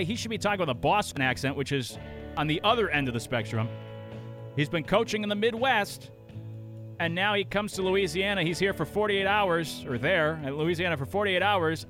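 A man's voice: high voice, fairly bright tone. A man hosting a sports talk radio show, chatty and opinionated, talking into a studio microphone.

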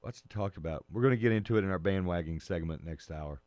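A man's voice: low voice, fast, darkish tone, dry recording. A man hosting a sports talk radio show, emphatic and opinionated, hammering his points by repeating them. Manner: opinionated, argues his takes.

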